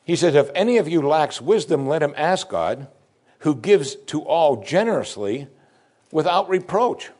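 A man preaching a sermon, animated, swinging between loud emphasis and soft, quiet asides. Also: on the high side, unhurried.

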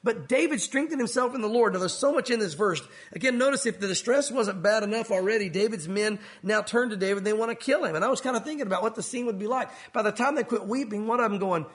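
A man's voice: sits high, fast talker. A man preaching a sermon in an earnest, storytelling way, acting out the people in the story. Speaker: pastor.

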